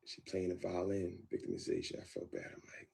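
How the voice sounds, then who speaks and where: Man, low gravelly voice, mellow tone; candid interview guest who replays his old thoughts and repeats himself. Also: a little fast. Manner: animated, acts out his own past thoughts, repeats phrases.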